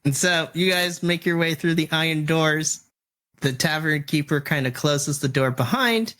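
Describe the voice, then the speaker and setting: A man's voice: fairly high pitch, normal speed, fairly bright tone. A man narrating a tabletop game as dungeon master in a loose, chatty way.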